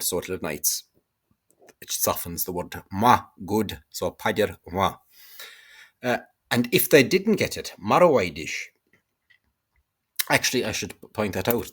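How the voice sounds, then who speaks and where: A man with a deep, husky voice talks through a language lesson. He hesitates often on fillers and then lifts his voice to stress each word he quotes. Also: a bit bright. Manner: hesitant, many fillers, pronounces Irish words with emphasis. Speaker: Irish language teacher. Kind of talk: explanatory lesson.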